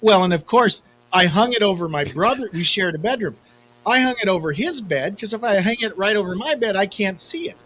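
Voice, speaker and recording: A man's voice: high-pitched, lively intonation, a little fast, fairly bright tone, a little hiss or hum, low-quality recording. A man in his fifties co-hosting a podcast in casual chat, telling self-deprecating stories. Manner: chatty storyteller, self-deprecating. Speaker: podcast co-host.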